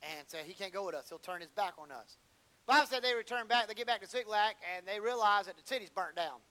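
A man delivering a lively sermon in a high voice. His tone is bright and forceful. He slips into playful impressions of whining churchgoers to make his points. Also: fast, rough recording. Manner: animated, acts out whiny prayers and dialogue for humor. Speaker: preacher.

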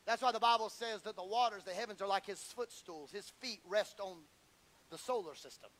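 Man, preacher, sermon, very high pitch, shouted peaks and hushed asides. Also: normal speed, poor audio. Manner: swings from shouted fervor to low intimate asides; repeats and stumbles when worked up.

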